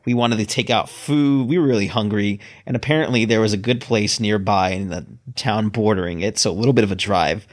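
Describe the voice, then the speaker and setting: A man from Maryland with a lowish voice co-hosts a casual podcast chat. He rambles, restarting his sentences as he goes. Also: fairly quick, hardly any pauses. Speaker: podcast co-host.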